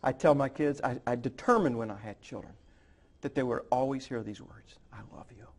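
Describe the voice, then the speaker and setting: A middle-aged man with a gravelly, fry-edged voice shares a heartfelt personal story as a guest in a TV studio interview. His pitch sits in an ordinary middle range, and his telling is earnest and halting, full of small restarts. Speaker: guest, author and speaker. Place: television studio.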